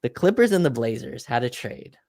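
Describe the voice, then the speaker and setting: A man's voice: medium pitch, big pitch swings, brisk, a little mellow. A man co-hosting a casual sports livestream, ranting with exasperation and laughter. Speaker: podcast co-host.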